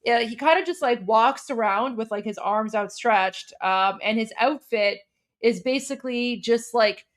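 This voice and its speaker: A woman's voice: a little high, a little slow. A woman from Iran hosting a casual livestream, talking loosely with lots of fillers and restarts as she explains a meme. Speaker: host.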